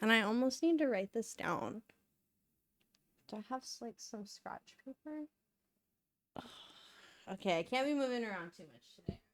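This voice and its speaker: A woman's voice: on the high side, lively intonation, normal speed, pauses often. A woman streaming while she works, chatting and rambling casually and sounding a little out of breath. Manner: chatty, rambling, self-narrating. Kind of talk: casual live-stream chat while working.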